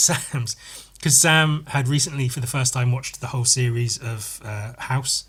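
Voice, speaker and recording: A man's voice: mid-range voice, steady tone, normal speed, a bit bright. A man hosting a solo comedy podcast, rambling and meandering, often stumbling and repeating words as he goes. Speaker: podcast host.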